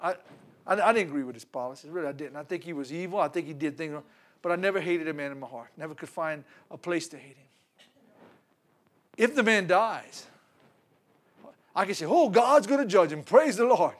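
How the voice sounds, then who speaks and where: A man's voice: on the high side, a little fast, pauses often. A man preaching a sermon, retelling a Bible story with laughter, stumbles and repeated words. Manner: animated storytelling with laughs and repetitions.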